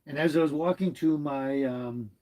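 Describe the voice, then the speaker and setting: A man's voice: on the high side, normal speed, rough recording. A man hosting a casual live stream, rambling and chuckling as he answers his chat from inside his motorhome. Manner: rambling, chuckling, warmly chatty. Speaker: livestream host reading chat.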